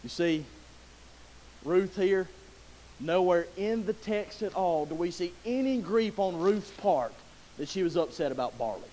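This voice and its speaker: A man delivers a sermon from a church pulpit. His voice sits high, and he talks to the congregation in a folksy, joking way before climbing into loud, emotional pleading. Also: animated, a little slow, a little hiss or hum, low-quality recording. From Southern US. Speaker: pastor. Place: church sanctuary.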